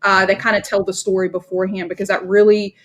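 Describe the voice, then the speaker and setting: A woman's voice: medium pitch, flat delivery, fast talker. A woman from Dallas with a Texan accent, hosting a podcast and chatting with enthusiasm and easy laughter. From Dallas, Texas. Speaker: podcast host. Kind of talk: casual interview chat.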